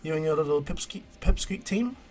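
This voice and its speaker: A man voicing a brash, cheerful young male ninja hero, excitable and upbeat. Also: a little high, brisk, voice pushed up, natural voice. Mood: eager.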